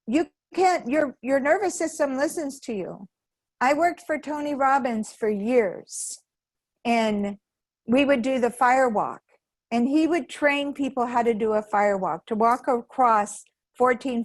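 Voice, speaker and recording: A woman's voice: fairly high pitch, darkish tone, no echo. A woman giving a sermon at a spiritual center in a conversational way, acting out the voices of people she quotes. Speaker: guest speaker at a spiritual center.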